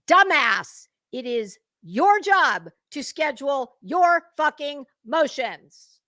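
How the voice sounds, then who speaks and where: A woman's voice: high voice, very animated, very slow, hardly any pauses, sharp tone, no room sound. A middle-aged woman hosting drama commentary, scathing and mocking, lecturing and swearing freely. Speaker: commentary channel host.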